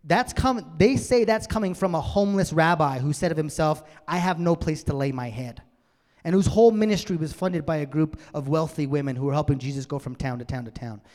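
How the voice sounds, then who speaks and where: A man preaching a sermon as a pastor in a church, swinging from loud emphatic bursts to near-whispers. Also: on the high side, fairly quick, hardly any pauses. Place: church sanctuary. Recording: long church-hall reverb.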